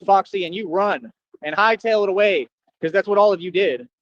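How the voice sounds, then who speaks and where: A man's voice: high voice, brisk. A man delivering a boastful, confrontational monologue as a streamer, taunting his listeners. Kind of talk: ranting monologue. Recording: dull lo-fi sound.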